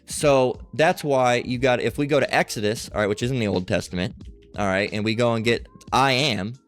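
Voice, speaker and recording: A man teaching a Bible study lesson at a middle pitch, with faint music under his voice. He stresses his points and tags nearly every phrase with "all right?" or "okay?" to keep the listener with him. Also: a little fast. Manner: emphatic, keeps checking in with "all right?" and "okay?".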